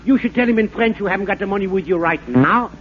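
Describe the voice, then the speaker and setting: An actor playing a bumbling fake French professor, in rambling, stammering comic patter for a 1940s radio comedy. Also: male voice, sits high, animated, fast. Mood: mock-lecturing. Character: bumbling fake French professor, fast-talking huckster man. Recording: narrow-band scratchy 1940s radio broadcast.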